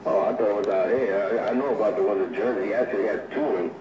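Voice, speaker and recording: Crude, low-voiced man on an echoey line. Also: fast. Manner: crude, laughing banter. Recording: echoey, distant, muffled line with noise.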